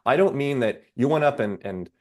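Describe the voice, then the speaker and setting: A man's voice: medium pitch, animated, darkish tone. A man, a psychiatrist guest on a podcast, explaining ideas steadily with worked examples. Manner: measured, lays out ideas with examples. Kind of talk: explanatory interview talk.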